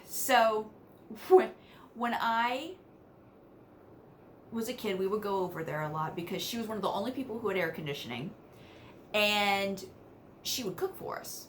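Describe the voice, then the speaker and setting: Speaking at a normal speed with a mid-range voice and frequent pauses, a West Virginia woman tells family stories to camera in a chatty vlog. Laughter falls between her sentences alongside lively asides, over a little hiss or hum.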